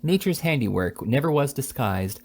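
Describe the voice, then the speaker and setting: Rich: A man reads a classic novel aloud in an unhurried amateur style. He sometimes stumbles over a word and goes back to fix it. His voice sits at a middling pitch. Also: animated, a little hiss or hum. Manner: slightly halting, correcting slips. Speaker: reader. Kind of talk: audiobook reading of a classic novel.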